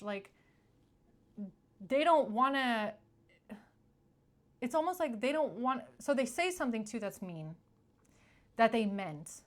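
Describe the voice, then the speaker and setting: A young adult woman giving a casual tarot reading, chatty and blunt, often checking in with "okay?". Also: fairly high pitch. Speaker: tarot reader.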